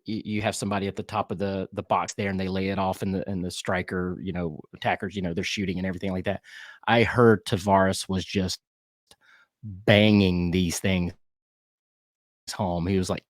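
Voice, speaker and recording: A man with a Southern US accent co-hosting a soccer podcast, breaking down match plays in a relaxed, rambling way with fillers and restarts. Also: low voice, no echo, studio quality. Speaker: podcast co-host. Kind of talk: casual sports chat.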